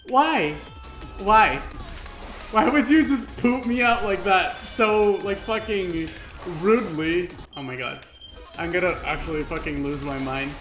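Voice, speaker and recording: A man streaming a video game, reacting with excitable yelps, laughter and frequent swearing. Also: sits high, reverberant. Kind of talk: live gameplay commentary.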